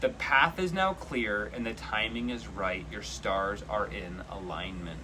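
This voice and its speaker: A man giving a live tarot reading, chatty and earnest, with sudden excited bursts. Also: lowish voice, a little slow, noisy background. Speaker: tarot reader.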